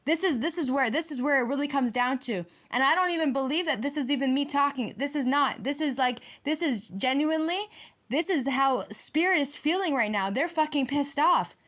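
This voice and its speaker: A woman's voice: sits high, brisk, fairly bright tone. A woman giving a tarot reading to her viewers, ranting in a heated, profane and repetitive way. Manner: addresses viewers directly. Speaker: tarot reader.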